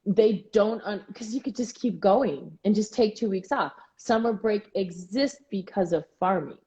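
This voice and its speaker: A woman co-hosting a casual chat, talking in quick asides with frequent restarts. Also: mid-range voice, warm tone. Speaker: co-host.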